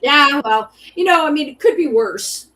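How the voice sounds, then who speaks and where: A woman host rants in loose, profane chat, rambling through fillers and restarts. Her voice sits a little high and comes from somewhat off the mic. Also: lively intonation, normal speed, bright, forceful tone, far from the mic, rough recording. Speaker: podcast host. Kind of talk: casual chat.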